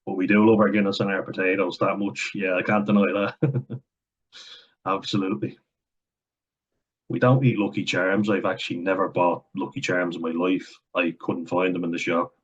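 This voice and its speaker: Irish man, deep voice, husky, blunt and sarcastic, muffled lo-fi audio. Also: little pitch movement, moderate pace. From Ireland. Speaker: commentator reading comments. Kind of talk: casual reaction commentary.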